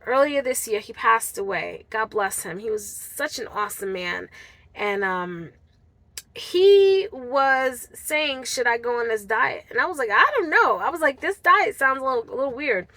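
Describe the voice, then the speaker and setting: A woman's voice: a little high, lively intonation, normal speed, pushed and bright, no room sound. A woman vlogger telling a personal story to camera in an earnest, heartfelt way, speaking straight to her viewers. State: tearful at times.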